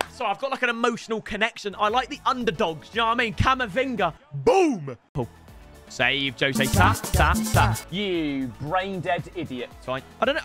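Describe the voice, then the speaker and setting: Brief: young man, gaming commentary, high lively voice, bursts into shouts, music underneath. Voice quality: loud shouting outbursts and laughing banter. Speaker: gaming YouTuber. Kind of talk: excitable gameplay commentary.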